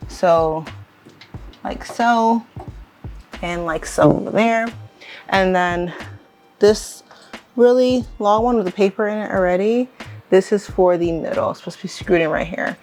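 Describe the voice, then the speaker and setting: A young woman chatting casually as she shows and rearranges her plants, rambling, correcting herself and getting excited. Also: medium pitch, measured pace, pauses often, faint music behind. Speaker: plant vlogger. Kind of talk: casual vlog chat while working. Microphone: handheld camera on tripod.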